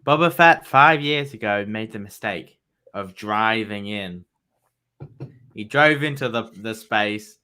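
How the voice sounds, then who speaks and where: Low, bright-toned man on a podcast. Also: takes it slowly, smooth. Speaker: podcast co-host. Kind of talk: casual fan review chat.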